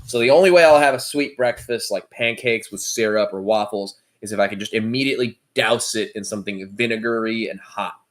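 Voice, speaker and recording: A man's voice: fairly low pitch, fairly quick, hardly any pauses. A man co-hosting a podcast, telling a story in a laid-back, casual way with plenty of swearing. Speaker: podcast co-host. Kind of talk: casual chat.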